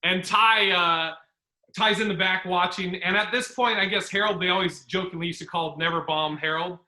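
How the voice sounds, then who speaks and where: Bright, high-voiced man telling stories in a roomy space. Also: moderate pace. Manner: rambling, animated, acts out quotes. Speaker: podcast host. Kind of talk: casual storytelling chat. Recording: roomy echo.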